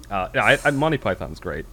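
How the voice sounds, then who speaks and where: A man co-hosting a podcast in casual chat, telling comedy sketches in an animated way. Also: lowish voice. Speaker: podcast co-host.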